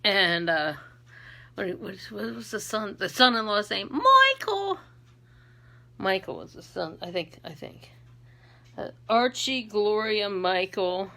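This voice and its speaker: A middle-aged woman chatting casually through a makeup tutorial, laughing often and breaking into shrill put-on accents. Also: unhurried, vocal fry, fairly bright tone. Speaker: beauty vlogger and makeup seller.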